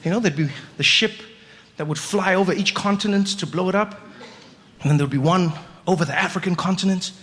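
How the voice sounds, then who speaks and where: A young man performing a stand-up comedy routine, telling a story with lively acted-out voices. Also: sits high, a little fast, big-room sound.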